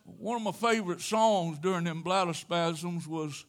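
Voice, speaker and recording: An older man preaching a sermon, telling a personal story in a folksy way with sudden loud exclamations. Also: high voice, a little slow. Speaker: pastor.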